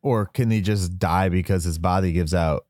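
A man's voice: low voice, normal speed, darkish tone, no echo, clean studio sound. A man co-hosting a podcast who speculates about the show in a loose, rambling way full of fillers. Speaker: podcast co-host. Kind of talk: casual episode recap chat.

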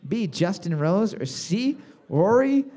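A man's voice: sits high, very animated, slow pace, warm tone. A man hosting a casual trivia game, reading questions and cracking crude jokes. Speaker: trivia host.

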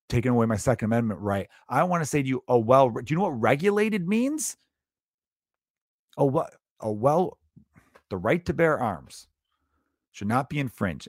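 A man's voice: medium pitch, no room sound, clean studio sound. A male comedian hosting a podcast, ranting in a profane, sarcastic, exasperated monologue.

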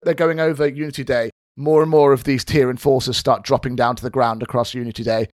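A man narrating a tabletop game as game master in a steady, descriptive way. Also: medium pitch, quick pace, dry recording, clean studio sound.

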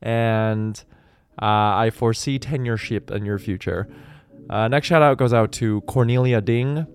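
Give me a laid-back joking man co-hosting a podcast, mid pitch, faint music underneath. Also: measured pace, darkish tone. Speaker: podcast co-host. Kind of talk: casual podcast chat.

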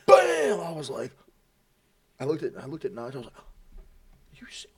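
A young man casually telling animated stories among friends, swearing freely and acting out what people said. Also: mid-range voice, fast talker, husky, no echo, recorded from a distance.

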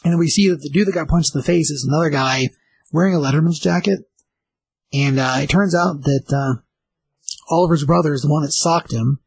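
A man casually recapping a comic book page by page, rambling with lots of fillers and slipping into quick voices for the characters. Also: on the high side, gravelly, slightly rough, no echo, low-quality recording.

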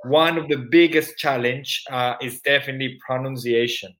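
A man's voice: medium pitch, moderate pace, a bit bright. A man from Colombia with a Colombian accent and Spanish as his first language, hosting an interview in a friendly way and often repeating words as he restarts. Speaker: podcast host. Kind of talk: casual podcast interview.

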